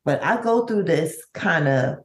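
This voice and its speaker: A middle-aged woman, a bereaved mother, telling her story in an interview, with halting, vivid recounting and many restarts. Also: lowish voice, lively intonation. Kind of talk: emotional personal storytelling.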